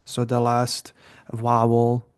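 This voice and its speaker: A man co-hosting a language podcast, explaining pronunciation rules in a relaxed, conversational way. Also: medium pitch, slow. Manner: explains plainly, with fillers and restarts. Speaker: podcast co-host. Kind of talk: casual educational chat.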